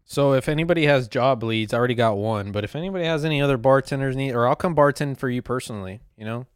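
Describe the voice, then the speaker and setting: A man's voice: medium pitch, fast talker, clear, resonant tone, no room sound, clean studio sound. Profane, rambling young man on a podcast. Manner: profane, rambling, laughs at himself. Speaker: podcast host. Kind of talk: solo casual podcast rant.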